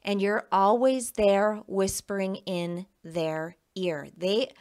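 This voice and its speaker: A woman's voice: medium pitch, slow, a little mellow. A woman giving a casual tarot reading to the camera, emphatic and repeating herself, with a frequent "okay?". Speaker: tarot reader.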